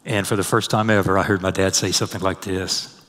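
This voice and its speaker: A man preaching a sermon, swelling loud and high on scripture and dropping soft and low for personal stories. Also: flat delivery, brisk. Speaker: pastor. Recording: long hall reverb.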